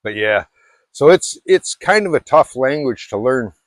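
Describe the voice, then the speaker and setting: A man's voice: medium pitch, expressive, measured pace, no room sound. A middle-aged man from Alaska chatting casually to camera, rambling and self-deprecating with many restarts. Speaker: vlogger.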